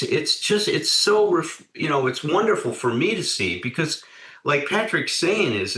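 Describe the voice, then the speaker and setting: A man's voice: mid-range voice, pushed and bright, reverberant. A man co-hosting a podcast, talking in an effusive way that repeats its phrases. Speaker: podcast co-host, doctor. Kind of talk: casual podcast conversation.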